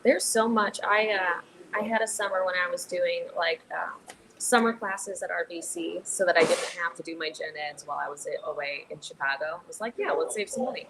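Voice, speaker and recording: A woman's voice: on the low side, steady tone, a little fast, gravelly. A young adult woman, a theater director, talking casually in a podcast interview with many fillers and restarts. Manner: chatty, many fillers and restarts, laughs easily. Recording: noticeable background noise.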